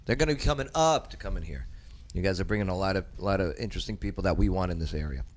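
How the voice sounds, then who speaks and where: A male talk show host with an animated, lively voice that swings up and down. He jokes around with his guests and keeps the chat loose and casual, even talking through a mouthful. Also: deep voice, rapid-fire. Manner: lively, joking, talks with mouth full.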